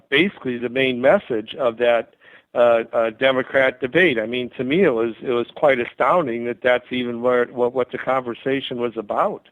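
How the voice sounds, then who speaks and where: A man calling in as a guest commentator, giving measured political views with frequent hesitations. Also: mid-range voice, no room sound. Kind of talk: political commentary on a call-in interview. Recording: dry, tinny phone line.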